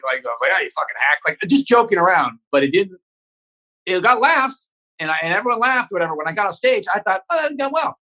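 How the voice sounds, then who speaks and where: A man's voice: high-pitched, pushed and bright, breathy edge, rough recording. A man who is a comedian guest on a podcast, telling a story in casual chat, rambling and swearing with many restarts.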